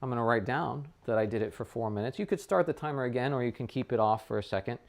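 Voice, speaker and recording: A trumpet teacher talking a student through his practice session, thinking aloud and often checking in with a quick "right?". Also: mid-range voice, gravelly. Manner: thinks aloud with frequent restarts. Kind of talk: casual practice demonstration.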